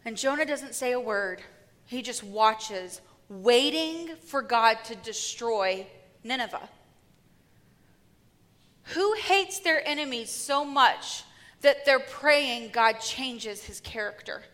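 A woman preacher delivering a sermon with lively, humorous storytelling. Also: a little high, slow pace, long reverb tail.

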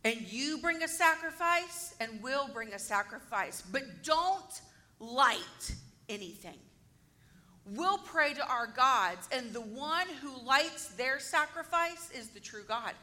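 A woman voicing a cocky male prophet, taunting his rivals in a lowered, softer voice during a Bible teaching. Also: expressive, slow pace, full character voice. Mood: challenging.

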